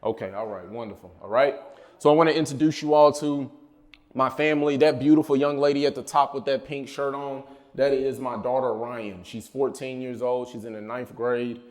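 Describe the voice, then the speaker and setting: A man's voice: mid-range voice, steady tone, normal speed. A man in his thirties giving a casual, personal talk at a college mental health event, telling family stories and calling out to the audience. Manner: casual, personal storytelling with call-and-response asides. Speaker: speaker at a mental health summit. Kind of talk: motivational talk to students.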